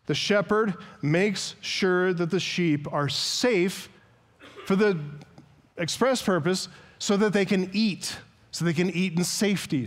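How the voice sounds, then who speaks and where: A man preaching an earnest expository sermon as a pastor, reading scripture aloud and explaining it. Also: fairly high pitch.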